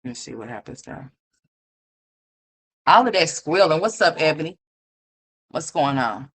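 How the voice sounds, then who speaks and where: A woman's voice: low-pitched, big pitch swings, unhurried, husky. A woman doing casual live commentary as a streamer, blunt and profane, scolding the person she is reacting to. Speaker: livestream commentator. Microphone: streaming mic.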